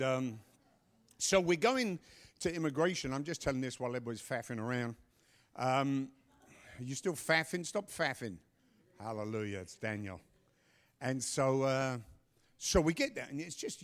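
A middle-aged man telling a story and giving announcements at a church service, animated, with loud bursts. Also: mid-range voice. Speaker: pastor.

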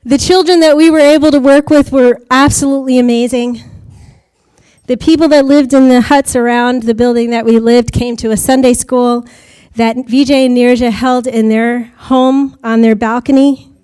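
A woman's voice: on the high side, steady tone, moderate pace, warm tone, clear, resonant tone. An American woman giving a chatty testimony to a church congregation about mission work, often laughing as she talks. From United States.

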